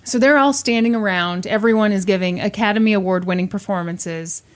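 A woman hosting a podcast, casually telling a true-crime story in an animated way, acting out quotes and laughing often. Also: medium pitch, fairly quick. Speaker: podcast host.

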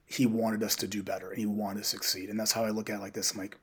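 Male coach, lowish husky voice, chatty and animated storyteller on a podcast. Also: fast. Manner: animated, quotes people in dialogue. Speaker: high school coach, podcast guest. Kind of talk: casual interview storytelling.

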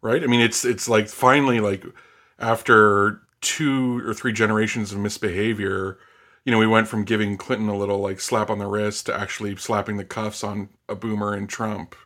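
A man on a political podcast panel, talking in an animated, emphatic way with stammered starts. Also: lowish voice, moderate pace.

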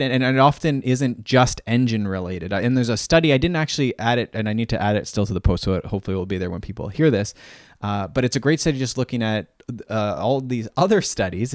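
Low-voiced man, halting podcast chat. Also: darkish tone, no room sound, clean studio sound. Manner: halting, restarts often, thinks aloud. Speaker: podcast co-host, cycling coach.

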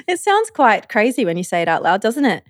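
A woman's voice: fairly high pitch, no echo, studio quality. Easygoing young woman telling stories. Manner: easygoing storyteller, supportive. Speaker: podcast co-host. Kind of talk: casual chat.

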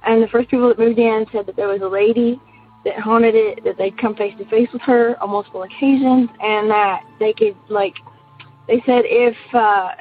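A woman caller leaving a chatty, meandering voicemail for a podcast. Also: mid-range voice. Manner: chatty, meandering, many fillers. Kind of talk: recorded voicemail message. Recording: tinny phone line.

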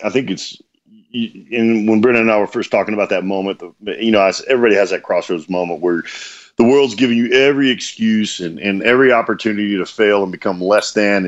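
A man muses at length, his sentences circling back and restarting. His voice sits low, and the recording sounds dull and lo-fi. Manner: thoughtful, rambling with restarts. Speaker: guest. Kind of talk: reflective conversation.

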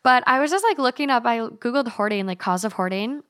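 A woman's voice: fairly high pitch, brisk. A young woman co-hosting a casual podcast chat, talking freely and quoting others in playful voices. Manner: chatty, animated, quotes others in put-on voices.

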